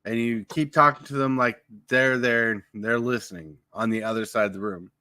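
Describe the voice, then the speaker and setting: A man talking casually on a late-night live podcast from home, passing on advice in a coaching way. His voice is bright and forward, recorded dry and close with no room echo. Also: medium pitch, fairly even intonation, moderate pace. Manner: coaching, gives tips on projecting voice. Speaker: podcast host. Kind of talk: casual live-stream chat.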